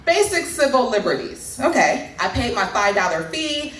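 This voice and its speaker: Animated woman doing stand-up. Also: on the high side, moderate pace. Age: 30s. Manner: conversational, teasing the audience. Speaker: stand-up comedian. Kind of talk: stand-up comedy set. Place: comedy club stage. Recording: echoey club from far mic.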